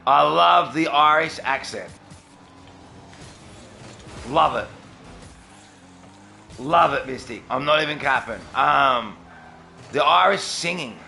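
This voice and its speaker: A man's voice: fairly high pitch, takes it slowly, gravelly, pauses often, bright, forceful tone, soft background music. A young Australian man with an Australian accent, chatting casually with viewers on a livestream and answering them by name. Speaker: streamer.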